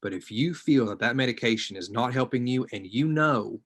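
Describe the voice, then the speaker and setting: A man on a social work student panel speaks with a slightly rough, medium-pitched voice at normal speed, offering personal testimony online. Hesitant and reflective, he regularly lets his sentences trail away quietly.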